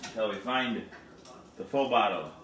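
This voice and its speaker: A man's voice: fairly low pitch, moderate pace. A man talking through a daily home vlog, rambling and repeating silly words in a sing-song way. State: tired and frustrated. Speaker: vlogger. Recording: roomy, distant from mic, noisy.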